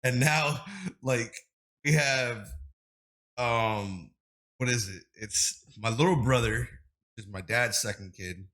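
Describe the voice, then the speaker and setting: A man's voice: medium pitch, takes it slowly, long pauses. A man in his thirties, a streamer guest on a podcast, telling long, rambling stories in casual chat with lots of fillers. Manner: rambling, animated storytelling with many fillers.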